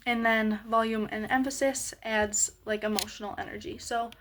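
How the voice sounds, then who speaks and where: A woman explaining a lesson on voice slowly, with many pauses and fillers. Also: a little high, steady tone, a bit bright.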